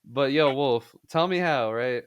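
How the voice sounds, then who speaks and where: In a casual podcast chat, a male co-host with a smooth, mid-range voice tells a story at an unhurried pace, loose and profane, laughing along the way. There's no room sound on the recording.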